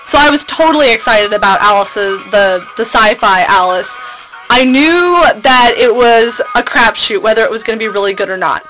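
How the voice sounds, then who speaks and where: A young woman talking to her webcam at home in an excited, gushing, rambling fangirl vlog. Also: fairly high pitch, normal speed, faint music behind, low-quality recording. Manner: gushing, breathless, rambling with fillers. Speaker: vlogger. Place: home room.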